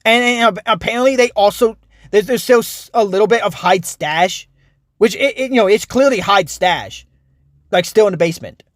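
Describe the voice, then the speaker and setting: A man's voice: high-pitched, moderate pace, dry recording, clean studio sound. A young man giving a casual, frustrated, rambling review of a TV show, full of restarts and fillers.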